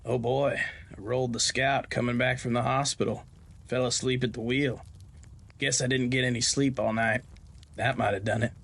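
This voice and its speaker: A sly, cheerful rugged rancher, as a man voices him talks in an easygoing, folksy drawl. His voice sits at an ordinary male pitch. He sounds relaxed and a little too pleased with himself in this Western horror tale. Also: moderate pace, gravelly. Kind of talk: audio drama narration.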